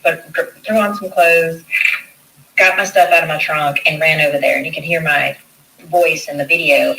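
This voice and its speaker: A woman's voice: sits low, fairly even intonation, normal speed, sharp tone, far from the mic, slight background noise, poor audio. A woman, a nurse, recounting an event in an interview, telling it animatedly and acting out what others said. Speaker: nurse interviewed in a news clip.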